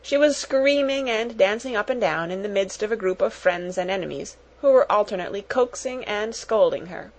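A woman narrating a children's storybook aloud in a measured, even-paced way. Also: mid-range voice, low-quality recording. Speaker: audiobook narrator. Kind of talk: storybook reading.

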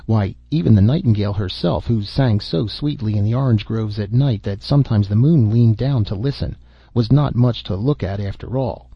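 A man narrating a classic fairy tale in a measured, even reading. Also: fairly low pitch, vocal fry, breathy edge, no room sound. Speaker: audiobook narrator. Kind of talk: storybook narration. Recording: dull, dry lo-fi recording.

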